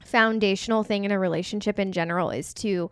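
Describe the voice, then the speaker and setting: A woman's voice: mid-range voice, steady tone, fast talker, clear, resonant tone, no room sound. A woman with a mid-range voice gives friendly relationship advice in loose, chatty speech with plenty of fillers. Her voice is recorded dry and close to the mic. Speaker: podcast co-host. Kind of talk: casual chat.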